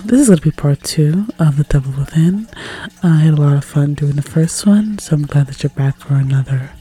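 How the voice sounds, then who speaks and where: A woman reading second-person fanfiction aloud in a soft, calm voice that sometimes drops near a whisper. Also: deep voice, slightly rough. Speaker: fanfic reader.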